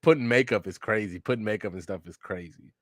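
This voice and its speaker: A man's voice: on the low side, fast, fairly bright tone, no echo, clean studio sound. A man reading a comic aloud and reacting, in a slangy, joking way, reading the lines in his plain voice. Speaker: manga reader reacting. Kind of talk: casual read-along reaction.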